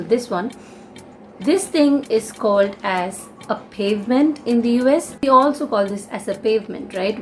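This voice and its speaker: A woman's voice: mid-range voice, slight background noise. A young woman with an Indian English accent, giving a casual English lesson and explaining things with many fillers and restatements. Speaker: English teacher.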